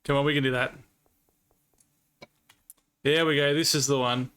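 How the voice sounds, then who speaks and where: Bright-voiced male game streamer. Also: medium pitch, steady tone, normal speed, clear, resonant tone. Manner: chatty, reacts to chat, swears casually. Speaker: live streamer. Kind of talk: live-stream gaming commentary.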